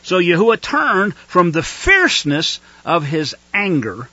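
Fiery high-voiced male preacher. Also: huge pitch swings, a little slow, dry recording, highs cut off. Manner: fiery, rising to shouts. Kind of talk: sermon.

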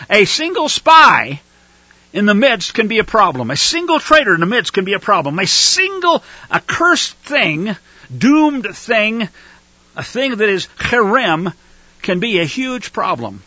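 A man preaching a sermon, reading scripture and rising into fiery, shouted outbursts. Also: high voice, no room sound, dull audio.

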